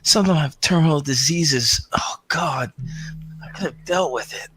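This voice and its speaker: A man's voice: fairly high pitch, huge pitch swings, moderate pace, a bit bright, faint music behind, voice pushed up, low-quality recording. A man voicing a wounded patient, upset and agitated after being given painkillers. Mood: distraught. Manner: distraught, agitated. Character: anguished wounded man, guilt-stricken patient.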